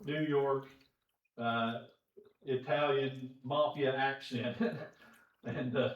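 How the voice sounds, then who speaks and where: A man's voice: mid-range voice, fairly even intonation, drawn-out words. A man teaching a Bible class in a folksy, conversational way, chuckling often, recorded in a church auditorium. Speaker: preacher. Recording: echoey church room, distant dull mic.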